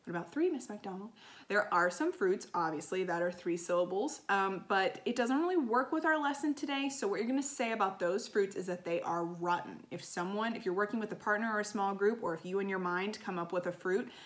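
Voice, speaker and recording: A woman's voice: mid-range voice, fairly even intonation, fairly quick, hardly any pauses. A woman music teacher giving a recorded lesson to children, explaining in an upbeat teacherly way with frequent ums and okays.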